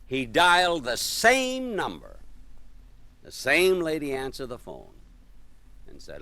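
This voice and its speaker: A comedian telling a joke story in a halting, hesitant way, full of fillers and pauses. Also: male voice, medium pitch, wildly swooping pitch, sharp tone, dry recording.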